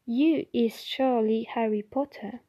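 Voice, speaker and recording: A woman's voice: fairly even intonation, a little slow, dark tone, poor audio. A woman voicing a timid, anxious female house elf servant who speaks with broken grammar and keeps saying "sir". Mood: anxious deferential. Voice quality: squeaky, quivering.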